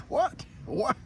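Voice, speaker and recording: An older man, chatting as a farm vlogger outdoors on his farm, folksy and quick to chuckle. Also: extremely high pitch, a little hiss or hum. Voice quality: gravelly. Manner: folksy storyteller, chuckles often. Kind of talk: casual rambling chat.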